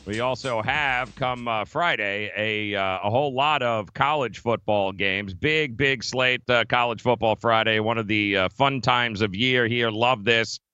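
Brief: male sports talk host, bright forceful tone, dry close sound, argumentative. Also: medium pitch, measured pace, few pauses, clear, resonant tone, no room sound, lo-fi sound. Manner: emphatic, argumentative, many fillers. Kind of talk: casual sports betting debate.

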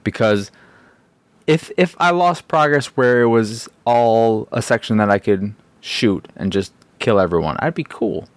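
A man's voice: mid-range voice, measured pace, no room sound. A man hosting a podcast, rambling in a casual, exasperated, self-mocking way. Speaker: podcast host. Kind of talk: casual solo podcast talk.

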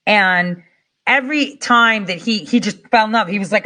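A middle-aged woman talks to her listeners in a loose, rambling monologue. Her voice sits in a mid range and jumps up and down as she gets animated. She uses fillers and the odd swear word. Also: normal speed. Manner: rambling and animated, with swings of pitch and loudness; conversational, with fillers and mild swearing. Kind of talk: casual monologue.

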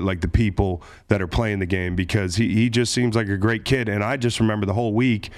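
A man hosting an interview, talking at length in an earnest, conversational way. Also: fairly low pitch.

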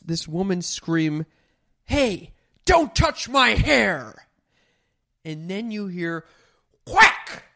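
A podcast co-host telling a story in casual chat, animated and full of restarts and "like". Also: medium pitch, no echo, clean studio sound.

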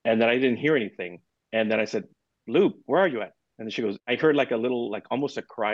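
A man's voice: medium pitch, quick pace, no echo. A man tells stories as a podcast guest, bringing them to life by acting out each conversation. His voice sits in a middle register, and the recording is dry and slightly muffled. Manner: animated anecdote-telling, acts out quoted dialogue. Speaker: guest percussionist. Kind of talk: storytelling in a podcast interview.

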